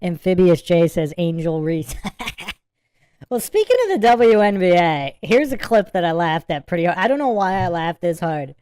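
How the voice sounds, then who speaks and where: A woman's voice: lowish voice, lively intonation, normal speed, a little mellow, clean tone, no echo. A woman hosting a casual livestream, giving a rambling reaction commentary on a sports clip and breaking into laughter again and again. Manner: giggly, keeps breaking into laughter; rambling, repeats itself. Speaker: livestream host.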